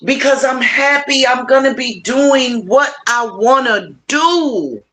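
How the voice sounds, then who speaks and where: A middle-aged woman hosting a casual livestream, warmly encouraging her viewers and talking to them directly. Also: slow pace. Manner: warm, encouraging, animated with big pitch swings; playful, addresses viewers directly. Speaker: livestream host.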